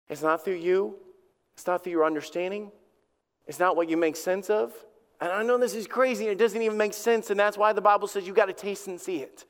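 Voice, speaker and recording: A man's voice: high voice, fairly even intonation, brisk, long reverb tail. A man, a lead pastor, preaching a sermon in a conversational way, with repeated words and acted-out dialogue.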